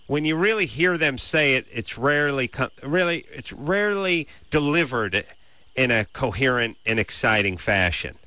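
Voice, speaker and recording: A man hosting a call-in radio show from a studio, nasal and wordy, arguing his points in a deadpan way. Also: mid-range voice, normal speed, dry recording. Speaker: radio host. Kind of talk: late-night call-in radio banter. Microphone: studio mic.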